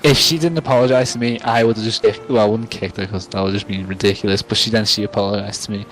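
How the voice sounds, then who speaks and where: A man's voice: on the low side, fairly even intonation, fast talker, rough recording. Tipsy, rambling young man. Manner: rambling, self-mocking, swears a lot. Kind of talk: casual storytelling to camera.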